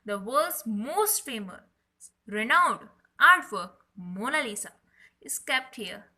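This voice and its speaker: A woman teaching French words slowly, repeating each one for viewers to say along. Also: a little high, big pitch swings, pushed and bright, rough recording. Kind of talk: French vocabulary lesson.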